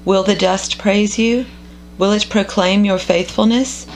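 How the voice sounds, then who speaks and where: A woman reading scripture aloud in a measured, contemplative devotional style. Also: medium pitch, steady tone, slight background noise, poor audio. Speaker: scripture reader.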